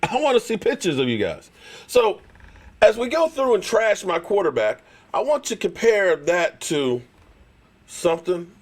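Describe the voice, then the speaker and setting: A man with a straining voice hosts a live sports stream, loud and fired up, teasing rival fans. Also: high-pitched, big pitch swings, measured pace.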